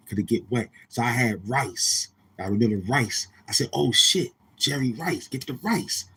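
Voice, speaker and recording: There's slight background noise as a low-voiced livestream host from Brooklyn, New York talks. He spins meandering, profane tales and constantly asks his chat questions.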